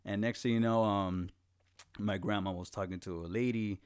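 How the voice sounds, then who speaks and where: A man's voice: fairly low pitch, fairly even intonation, normal speed, clean tone. A young man in his twenties from Los Angeles, hosting a casual chat and telling stories full of swearing and acted-out quotes. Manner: profane, laid-back storytelling with acted-out quotes.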